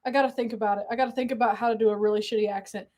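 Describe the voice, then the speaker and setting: A young woman hosting a casual live unboxing stream, excitable and rambling, swearing freely and drifting off mid-story. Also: on the high side, racing.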